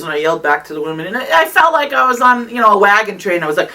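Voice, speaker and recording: An older woman, around sixty, recalls events in an oral history interview. She tells her stories in an animated way, full of fillers, in a lowish voice. The mic sits a bit away from her. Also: fast talker, far from the mic. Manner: animated storytelling with many fillers.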